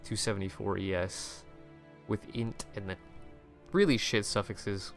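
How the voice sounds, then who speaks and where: A man's voice: lowish voice, steady tone, unhurried, soft background music. A young man casually commenting on game screenshots, rambling with many restarts and frequent swearing. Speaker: gaming video creator.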